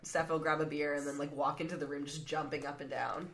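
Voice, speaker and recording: Low-voiced woman podcast host, giggly. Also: flat delivery, fairly quick, slight background noise. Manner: chatty, laughs often, many fillers. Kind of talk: casual interview chat.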